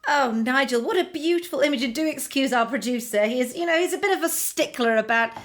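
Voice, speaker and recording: A woman hosting a comedic interview, gushing and flattering toward her guest. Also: high-pitched, fast. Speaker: host.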